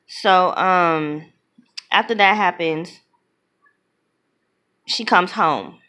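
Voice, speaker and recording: A woman casually retelling a film's plot as a reviewer, blunt and opinionated, slipping into quick voices for the characters. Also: on the low side. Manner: animated, acts out characters' lines in quick voices. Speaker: movie reviewer.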